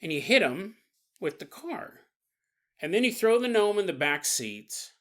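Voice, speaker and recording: A man's voice: sits high, very animated, unhurried, fairly bright tone. A man hosting a paranormal podcast, riffing comically and laughing often as he acts out little scenes. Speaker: podcast host. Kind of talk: comedic riffing monologue.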